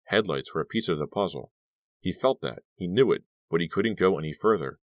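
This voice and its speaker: This audiobook narrator is male with a very deep voice, delivering scripted narration as steady, measured storytelling. There's no room sound in the recording.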